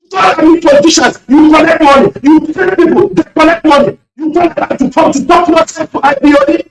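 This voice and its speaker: A man calling in to a radio show, speaking emotionally in rapid-fire accusations and shouting at times. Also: very high-pitched, fairly even intonation, faint music behind. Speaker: caller. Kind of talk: impassioned radio call-in speech. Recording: echoey and distant line.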